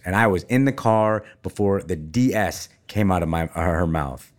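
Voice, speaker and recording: A man's voice: low-pitched, normal speed, few pauses. A middle-aged man hosting a casual chat, playful and teasing, talking straight to his listeners. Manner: animated, playful teasing, talks to listeners as folks. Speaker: podcast host.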